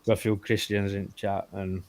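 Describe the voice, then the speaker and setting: A man's voice: lowish voice, level tone, moderate pace, a little mellow, dry recording. A man hosting a casual group chat, easygoing and friendly, calling guests mate and brother. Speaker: host of the chat stream.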